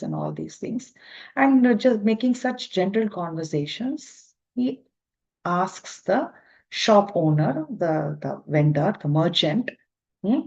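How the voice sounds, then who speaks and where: A woman teacher telling a story in a relaxed, halting way with restarts, on a dull lo-fi recording. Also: lowish voice. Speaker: spiritual teacher. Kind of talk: storytelling in a lesson.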